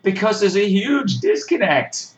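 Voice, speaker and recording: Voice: medium pitch, very animated, measured pace, muffled recording. A podcast host giving a sarcastic, exasperated rant while reviewing a horror movie, swearing freely. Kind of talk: casual ranting movie review.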